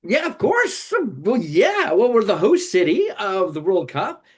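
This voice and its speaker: A middle-aged man, a puppeteer, telling stories in a casual interview, animated and full of fillers. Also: sits high, a little slow, slightly rough. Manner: animated, many fillers and voiced quotes. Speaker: puppeteer guest.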